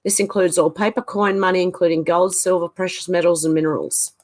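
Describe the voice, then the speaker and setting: Woman, livestream host, casual chatty delivery, hesitant asides, low-pitched voice. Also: steady tone, a little fast, darkish tone. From Australia. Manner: hesitant, thinks aloud with fillers. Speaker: channel host reading viewer comments.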